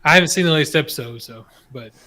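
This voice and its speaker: A man's voice: fairly high pitch, fast, pushed and bright. A man co-hosting a sports podcast in wry, laid-back casual chat. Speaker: podcast co-host.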